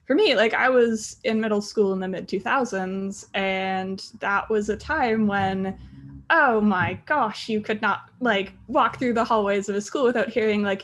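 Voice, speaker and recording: A woman in her thirties speaks on a book panel as a graphic novel author, hesitating often and using many fillers as her voice cracks with emotion. Her pitch is medium, her pace unhurried, and her tone fairly bright.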